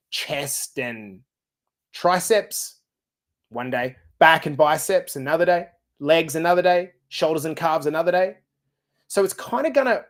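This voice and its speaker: A middle-aged man hosting a fitness podcast, coaching listeners in an energetic, direct and casual way. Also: high voice. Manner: energetic, direct, casual and blunt with occasional swearing. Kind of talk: podcast monologue.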